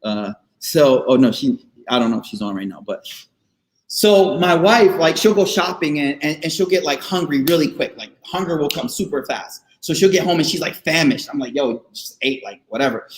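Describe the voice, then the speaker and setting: Guy giving a laid-back faith talk to students, pretty high voice, lots of slang and repeats, roomy echo. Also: normal speed. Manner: slangy and animated, repeats phrases for emphasis. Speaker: guest speaker at a faith session for students. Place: online session, room not known.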